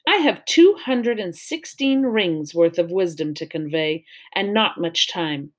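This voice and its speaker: A woman reading aloud voices a wise, calm old oak tree that speaks to two children in a storybook. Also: fairly low pitch, measured pace.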